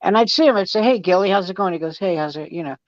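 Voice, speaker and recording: A man's voice: sits high, racing, no echo. A man, a guest comedian, telling jokes and stories in a wisecracking way on a casual podcast. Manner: wisecracking storyteller. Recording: dry, dull lo-fi sound.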